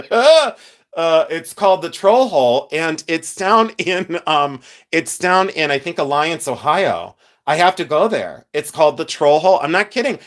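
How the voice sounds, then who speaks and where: A man in his fifties hosting a live stream, telling stories in a chatty, joking way. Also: fairly high pitch. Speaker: host. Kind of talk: casual live-stream chat.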